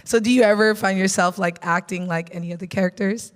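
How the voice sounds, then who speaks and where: A woman with a mid-pitched voice asks a panel casual questions, chatty and quick to giggle. Her voice rings with the long reverb of a big hall. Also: steady tone. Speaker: panel interviewer. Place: convention stage.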